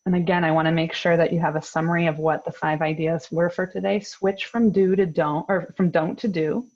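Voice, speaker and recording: A woman in her thirties presenting a parenting workshop on a video call, explaining in a calm, firm way. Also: fairly low pitch, fairly quick. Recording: dull lo-fi video call audio.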